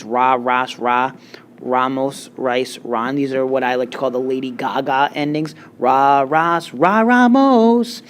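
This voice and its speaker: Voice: mid-range voice, a little hiss or hum. Teacher explaining grammar with joking asides. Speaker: Spanish teacher. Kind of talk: recorded grammar lecture.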